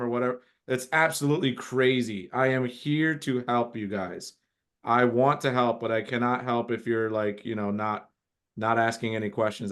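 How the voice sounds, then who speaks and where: A middle-aged man hosting a casual group coaching call, talking in an encouraging, rambling way with frequent restarts. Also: mid-range voice.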